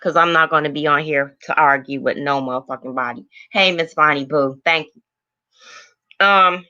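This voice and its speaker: A woman's voice: deep voice, normal speed, pushed and bright, muffled recording. Blunt profane woman ranting on a stream. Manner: blunt, heavily profane, greets viewers by name. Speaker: livestream host. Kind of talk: angry livestream rant to chat.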